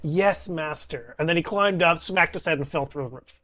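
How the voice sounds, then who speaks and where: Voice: mid-range voice, quick pace, sharp tone, a little hiss or hum. A laid-back, teasing game master narrating a tabletop game, laughing often.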